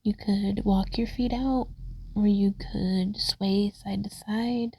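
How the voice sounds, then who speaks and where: A woman leads yoga slowly in a husky, medium-pitched voice, cueing breaths and poses indoors at home next to a wall. Now and then out of breath, she laughs at herself and chats relaxedly between cues, mixing in self-talk. The audio is dry and rough.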